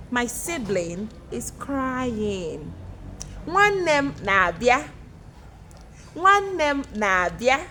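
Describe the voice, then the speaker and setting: A woman teacher leads a playful beginner language lesson with a fairly high voice. She speaks very slowly, drawing each word out and repeating it for her learners. She is recorded outdoors with faint noise behind her. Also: fairly bright tone. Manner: slow, drawn-out, repeats words for learners.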